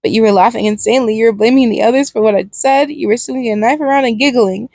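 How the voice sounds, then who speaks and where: A woman reading as a scared young partner who pleads and stammers through tears in a storybook reading. The voice sits a bit high and sounds close and dry. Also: fast, gravelly, a little mellow, no echo. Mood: anxious, pleading.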